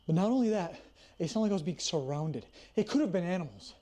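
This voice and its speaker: A man's voice: sits high, lively intonation, fast, mellow. A young man on a ghost hunt who talks in a jumpy way, breaking into frightened exclamations. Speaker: paranormal investigator. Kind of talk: casual ghost-hunting chat.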